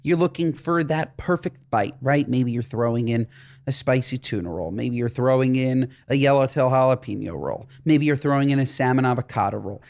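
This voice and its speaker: A man's voice: medium pitch, normal speed, vocal fry, a little mellow. A man co-hosting a comedy podcast, ranting in exasperated comic bursts. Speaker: podcast co-host. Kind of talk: comedic casual podcast chat.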